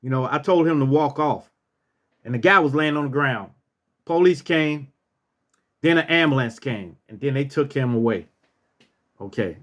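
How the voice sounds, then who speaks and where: Animated man telling a story. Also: mid-range voice, moderate pace, pauses often. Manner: animated, acts out what people said, repeats phrases. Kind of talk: casual storytelling.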